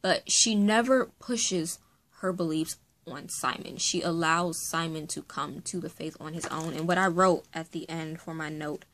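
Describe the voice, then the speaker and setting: Chatty woman book vlogger, low-pitched. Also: fairly even intonation, measured pace, a bit bright. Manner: chatty, enthusiastic, many fillers. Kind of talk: casual reading vlog chat.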